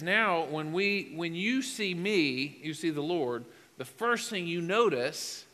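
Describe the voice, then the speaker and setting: A man's voice: medium pitch, sharp tone, in a large hall. A male pastor preaching a conversational sermon with emphatic bursts.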